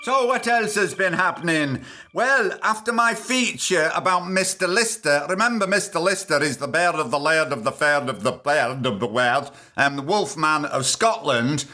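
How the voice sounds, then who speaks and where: A man from Britain hosts a podcast, running through news stories in a loose, casual way. He keeps breaking off for cheeky, sarcastic jokes. His voice sits a little high and sounds bright and forceful. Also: animated, normal speed, hardly any pauses, soft background music. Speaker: podcast host.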